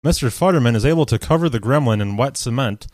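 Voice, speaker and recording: A man's voice: medium pitch, fast, no room sound. Dry-voiced man recapping a movie. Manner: recaps the plot with deadpan jokes and laughs. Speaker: podcast co-host. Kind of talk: casual movie recap chat.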